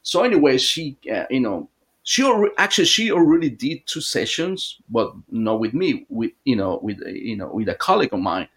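A man's voice: medium pitch, sing-song, normal speed, fairly bright tone. Rambling man telling a story. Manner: rambling, with many fillers and restarts. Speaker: guest hypnotherapist. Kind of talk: casual storytelling in conversation.

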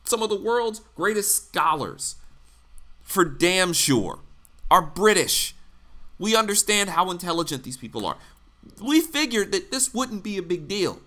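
A man's voice: sits high, sing-song, a little slow, pushed and bright. A man from the United States giving blunt, sarcastic political commentary, swearing freely. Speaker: commentary host.

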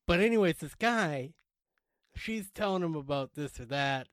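A man's voice: fairly high pitch, expressive, normal speed, fairly bright tone, dry recording. A man co-hosting a podcast, telling a story with casual swearing and acting out the people in it. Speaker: podcast co-host.

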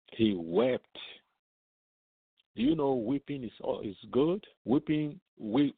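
A man's voice: fairly low pitch, no room sound. A man teaching the Bible on radio, reading scripture aloud and asking rhetorical questions that he answers himself, often repeating words as he goes. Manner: reads scripture aloud with commentary. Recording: tinny phone-line sound, dry.

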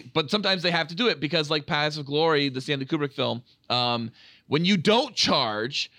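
Excitable high-voiced man, profane and rambling. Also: brisk, no echo, clean studio sound. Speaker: podcast co-host. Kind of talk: casual film review chat.

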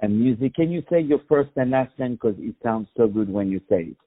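A man's voice: mid-range voice, animated, brisk. A man hosting a casual radio interview, joking and stopping often with fillers. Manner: jokey, many fillers. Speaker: radio host. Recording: muffled lo-fi recording.

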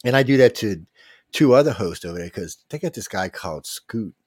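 A man's voice: on the low side, expressive, a little fast, darkish tone, dry recording. Brief: middle-aged man, talk host, boastful rambling rant, close dry mic. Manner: rambling, boastful, swearing, with frequent restarts. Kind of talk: casual talk podcast rant.

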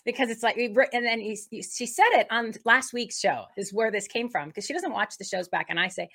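A woman co-hosting a faith talk show, opening the episode in a rambling, excitable way with many restarts. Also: fairly high pitch, a little fast. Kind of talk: casual spoken introduction.

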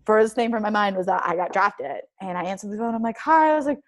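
Young female athlete guest, casual and lively storyteller, acts out quoted lines in her own voice. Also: mid-range voice, fast. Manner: animated, heavy use of "like", acts out quoted dialogue. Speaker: guest, professional soccer player.

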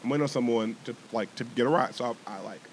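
This young man, a podcast co-host, animatedly recounts a heated story in casual chat, swearing and restarting sentences often while repeating words. He is a fast talker with a medium-pitched voice, and the recording carries a little hiss or hum.

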